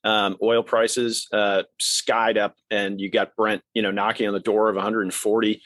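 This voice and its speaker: A man appearing as a guest analyst on an economics podcast, speaking in a measured way with many filler sounds. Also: lowish voice, level tone, a bit bright, no echo. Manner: fluent, measured, lots of filler uhs. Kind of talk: casual economics podcast talk.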